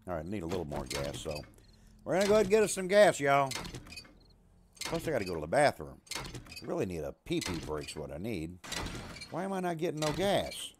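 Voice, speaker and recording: Chatty gaming streamer. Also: male voice, fairly low pitch, huge pitch swings, fairly quick, pauses often, background noise. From USA. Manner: chatty, talks to his chat and his dog, jokey. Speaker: streamer playing a survival game. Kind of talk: casual live-stream chat.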